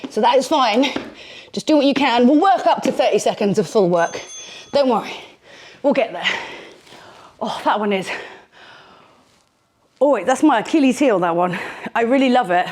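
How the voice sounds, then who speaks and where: A woman's voice: on the high side, animated, normal speed, pauses often, darkish tone. A woman leading a home workout, chatty and playful, poking fun at herself as she demonstrates moves in a small room. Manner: chatty, self-deprecating, playful. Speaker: fitness instructor. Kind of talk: casual workout instruction. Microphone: handheld microphone.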